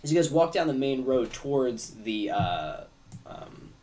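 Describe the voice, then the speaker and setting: A man's voice: mid-range voice, very animated, measured pace, dark tone, distant mic, slight background noise. A man running a tabletop game as game master, narrating in a loose, rambling way full of "like" and "kinda". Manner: rambling, many fillers like "like" and "kinda".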